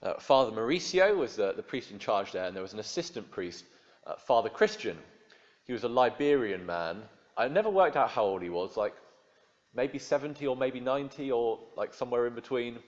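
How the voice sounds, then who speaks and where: A man preaching a sermon in a relaxed, wry, conversational way, with frequent fillers and restarts. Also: medium pitch, brisk, highs cut off.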